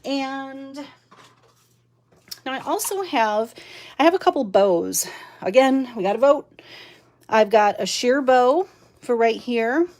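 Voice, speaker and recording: A woman's voice: high voice, expressive, takes it slowly, long pauses, a little mellow. A woman leading a chatty live-stream craft demo from her home craft room, laughing often and using lots of fillers, recorded by a mounted camera. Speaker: card-making demonstrator.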